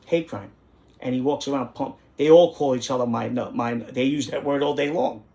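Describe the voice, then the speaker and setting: A man's voice: mid-range voice, normal speed, mellow. A middle-aged man, hosting a casual monologue in an indignant, rambling way that repeats phrases for emphasis. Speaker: host.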